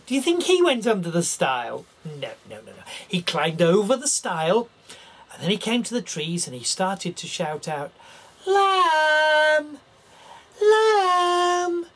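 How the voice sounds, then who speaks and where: A man telling a children's story in an animated way, talking straight to the young listeners. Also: high-pitched, breathy edge.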